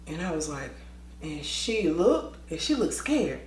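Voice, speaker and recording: Animated storytelling woman, lively pitch. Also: roomy sound, very noisy. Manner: lively, acts out voices, quick asides. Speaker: teacher telling a story. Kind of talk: storytime vlog, animated retelling.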